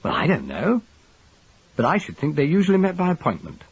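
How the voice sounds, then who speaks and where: A man doing a dry, urbane gentleman sleuth. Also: fairly high pitch, huge pitch swings, fairly quick, slightly rough, lo-fi sound, voice pushed up, exaggerated voice. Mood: wry. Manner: dry, clipped, reasoning. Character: urbane, wry English gentleman detective.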